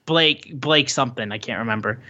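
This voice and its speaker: Man, podcast co-host, excitable, casual chat, dull lo-fi sound. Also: medium pitch, brisk. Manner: excitable, swears, fills with "like" and "uh". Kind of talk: casual chat recapping a wrestling show.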